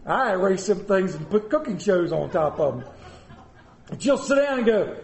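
A man's voice: sits high, sing-song, moderate pace, creaky. A middle-aged man preaching a sermon as pastor, a folksy, joking storyteller. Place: church sanctuary. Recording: roomy church echo.

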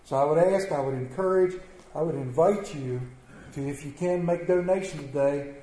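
Guy making the offering pitch, asks the crowd straight out, echoey church. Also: moderate pace, mellow. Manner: direct, questioning the congregation. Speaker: church leader asking for donations.

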